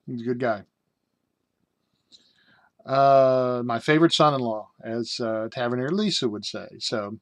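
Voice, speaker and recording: This middle-aged American man has a medium-pitched, fairly bright voice and no room sound around him. He's giving a casual review of a tabletop game book, wandering through it with lots of fillers and self-amused jokes.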